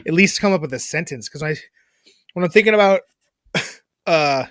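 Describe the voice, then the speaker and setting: Podcast co-host, casual chat, laughing, swearing, self-mocking, animated pitch, dry close mic. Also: moderate pace, no echo. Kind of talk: casual chat, attempting accents.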